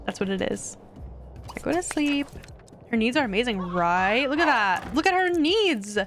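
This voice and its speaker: A woman live-streaming a game, talking casually and excitably straight to her viewers. Her voice sits fairly high, and faint music plays underneath. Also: moderate pace. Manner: chatty, excitable, talks to viewers.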